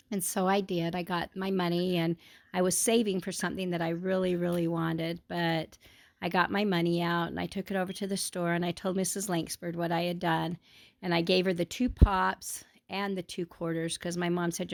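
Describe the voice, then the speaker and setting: A woman telling a personal childhood story to her family in an earnest, heartfelt, unhurried way. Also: lowish voice, flat delivery.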